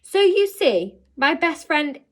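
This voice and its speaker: A woman voicing an earnest, gentle young boy in a storybook reading, speaking in a patient, coaxing way. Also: high-pitched, sing-song, slow, voice pushed up, heavily acted.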